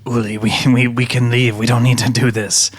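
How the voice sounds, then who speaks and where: A man's voice: medium pitch, level tone, normal speed, breathy edge, no room sound. A man playing a tabletop game, talking casually and a bit hesitantly. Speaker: player. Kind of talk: tabletop role-play.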